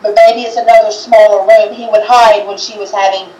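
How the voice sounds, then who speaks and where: A woman co-hosting a casual chat, describing what she senses in a hesitant, halting way with many restarts. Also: medium pitch, steady tone, warm tone, echoey room, distant mic, lo-fi sound. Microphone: video call.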